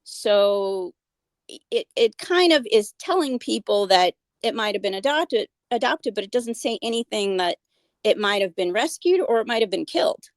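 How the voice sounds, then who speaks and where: Earnest woman with a gravelly edge. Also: mid-range voice, lively intonation, moderate pace, no echo. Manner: earnest, many fillers and restarts. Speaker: guest, animal advocate. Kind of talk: casual interview conversation.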